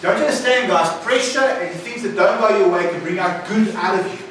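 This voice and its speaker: A man's voice: high voice, brisk, fairly bright tone, slight background noise. A man preaching a sermon, emphatic and often questioning his listeners. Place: recovery centre meeting room. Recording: echoey room, mic at a distance.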